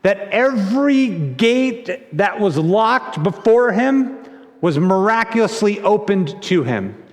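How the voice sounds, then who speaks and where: Male pastor, sermon delivery, conversational and animated, high pitch, reverberant sanctuary. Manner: animated storytelling with acted-out quotes; conversational, repeats words. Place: church sanctuary. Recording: long church reverb.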